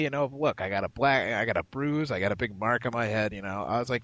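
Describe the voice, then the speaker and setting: A man's voice: medium pitch, animated, brisk, fairly bright tone, no room sound, poor audio. A man co-hosting a podcast, telling a rambling, profane story in casual chat and acting out the other people in it. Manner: rambling, profane anecdote-telling with quoted voices. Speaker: podcast co-host.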